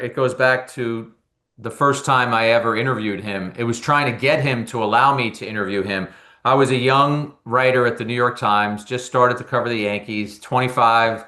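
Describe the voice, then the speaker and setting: A man from New Jersey, a baseball analyst and former reporter, telling stories in an interview with animated delivery and frequent repeated words. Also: medium pitch. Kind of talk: conversational storytelling in an interview.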